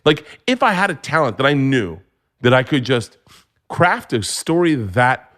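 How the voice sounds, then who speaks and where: A man in his forties, a comedian, telling stories in a casual interview, profane and animated, acting out what people said. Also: mid-range voice, unhurried. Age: 40s. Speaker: comedian guest. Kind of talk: casual storytelling chat.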